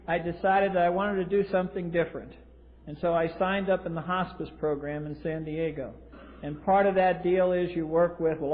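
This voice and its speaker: A man telling his recovery story from a podium, blunt and wry with dry humor, from the US East Coast. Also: on the high side. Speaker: recovery meeting speaker. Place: large convention hall. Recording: tinny lo-fi 1980s tape in a reverberant hall.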